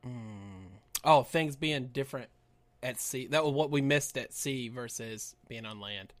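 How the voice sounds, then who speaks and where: A man's voice: mid-range voice, measured pace, no room sound. A man co-hosting a podcast, trading laid-back jokes in casual chat. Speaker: podcast co-host.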